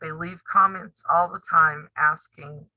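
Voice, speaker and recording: A woman's voice: sits low, steady tone, measured pace, no echo, dull audio. A woman, hosting a casual live-stream chat for a sewing channel and talking in a blunt, teasing way with frequent laughs. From United States. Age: 50s. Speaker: sewing and quilting channel host.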